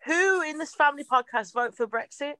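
A woman co-hosting a casual family podcast, animated and quick to jump in. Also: sits high, no room sound. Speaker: podcast co-host.

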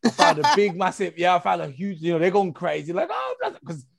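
Gravelly laughing man. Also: sits high, quick pace, no echo, clean studio sound. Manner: laughing storyteller, animated, says "man" a lot. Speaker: podcast co-host. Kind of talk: casual chat.

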